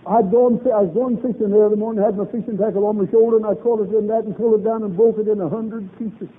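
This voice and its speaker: Emphatic preacher man, high voice, repeats himself for punch, phone-thin old tape. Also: fairly even intonation, fast talker. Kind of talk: revival sermon. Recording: tinny old lo-fi recording.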